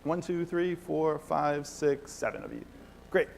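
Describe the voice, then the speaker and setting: There's slight background noise as a fairly high-voiced male mentalist addresses a few thousand people in a large conference hall, speaking unhurriedly with vocal fry. His live show relies on audience participation, and he's energetic and commanding, joking with the crowd while giving instructions.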